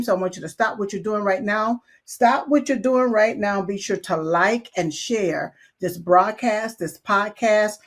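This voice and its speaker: A woman hosting a live talk show, energetic and repetitive, full of "yes, yes" and "you all.". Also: on the high side. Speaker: show host. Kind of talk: live talk show opening and sponsor reads.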